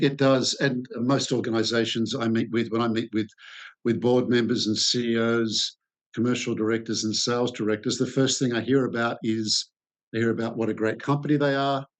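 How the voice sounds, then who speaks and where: An Australian man in his sixties, a sales expert answering interview questions in a thoughtful way, pausing often with "uh". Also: medium pitch. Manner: thoughtful, hesitant with many "uh" fillers.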